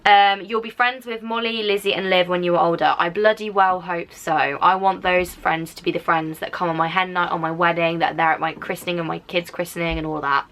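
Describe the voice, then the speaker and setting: Teen female YouTuber, English, softened Black Country accent, casual and filler-heavy, bright tone. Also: fairly low pitch, steady tone, brisk, few pauses. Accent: softened English, drifting toward Black Country. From Black Country, England. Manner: chatty, rambling, frequent "like" fillers. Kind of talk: casual reaction chat to camera.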